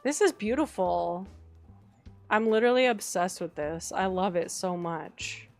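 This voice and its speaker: A woman's voice: mid-range voice, a little slow, gravelly, darkish tone, soft background music. A woman streaming a game, chatting casually and gushing over her decorating, squealing when something looks cute.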